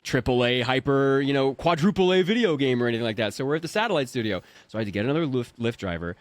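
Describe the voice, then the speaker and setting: A man's voice: medium pitch, lively intonation, fast, no echo. A man in his thirties, a voice actor, telling a story in casual chat and acting out his own panicked thoughts. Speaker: voice actor guest.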